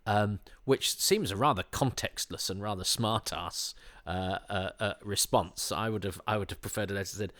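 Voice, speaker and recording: A man's voice: fairly low pitch, normal speed, a bit bright, dry recording, clean studio sound. A man hosting a casual commentary while watching an episode, rambling and hesitant, with many fillers, restarts and wry chuckling asides. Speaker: podcast host.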